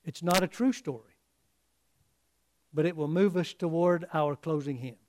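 A man preaching a sermon in an earnest, halting way, often repeating words as he restarts. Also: on the high side, a little mellow.

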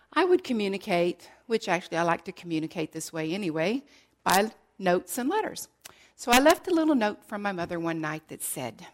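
A woman's voice: mid-range voice, fairly bright tone. A middle-aged woman giving an emotional sermon, sharing her testimony earnestly and sometimes dropping almost to a whisper. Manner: earnest, drops to near whispers at painful moments.

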